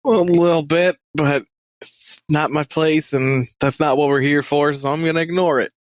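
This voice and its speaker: A man's voice: fairly high pitch, fairly even intonation, normal speed, dry recording. A man playing a tabletop role-playing game, rambling and searching for words as he describes his character. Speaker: player. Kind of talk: casual tabletop role-play.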